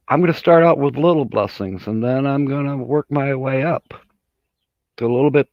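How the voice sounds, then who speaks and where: A man's voice: mid-range voice, dry recording, muffled recording. A man hosting a casual livestream chat, rambling in a folksy way and laughing at his own jokes. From Michigan. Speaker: livestream host.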